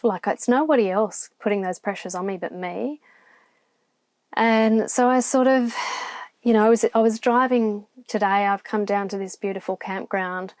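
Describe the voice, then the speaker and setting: A woman's voice: medium pitch, a little mellow, no echo. Reflective Australian woman vlogging from her van. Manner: open, reflective, rambling with restarts. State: near tears at times. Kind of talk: candid solo vlog to camera. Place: campground, inside a van.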